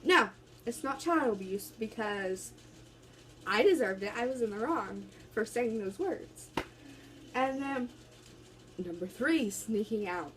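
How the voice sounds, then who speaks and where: A woman's voice: fairly high pitch, expressive, slow, pauses often, a bit bright, rough recording. Young woman, casual phone vlog, rambling storyteller, faint hiss behind. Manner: rambling, chatty, many restarts. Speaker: vlogger. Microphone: phone camera.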